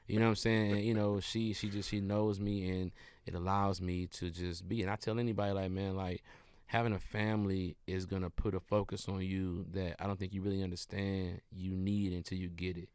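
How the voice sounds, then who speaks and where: Low gravelly comedian guy, laid back and rambly, dry close sound. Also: flat delivery, fairly quick, no room sound. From Detroit. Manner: laid-back, rambling, bursts into loud laughing shouts. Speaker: comedian guest. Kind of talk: casual interview chat.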